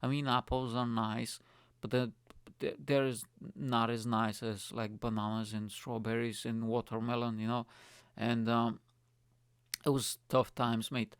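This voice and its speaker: A man's voice: medium pitch, flat delivery, a little slow, smooth, no echo. A young man from Bulgaria, rambling through a casual solo podcast monologue, swearing freely and saying "mate" constantly. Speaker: comedian and podcast host.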